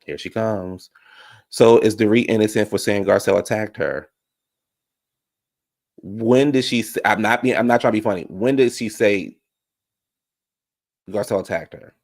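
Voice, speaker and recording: Gravelly low-voiced man chatting on stream. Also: normal speed, pauses often. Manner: chatty, opinionated, talks to viewers directly. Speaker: reality TV commentator reading live chat. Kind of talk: casual live-stream commentary.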